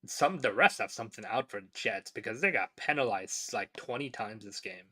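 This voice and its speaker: A man hosts a casual sports podcast, rambling as he reads chat and filling his talk with fillers and restarts. His mid-range voice is expressive, pushed and bright, with a breathy edge, at normal speed.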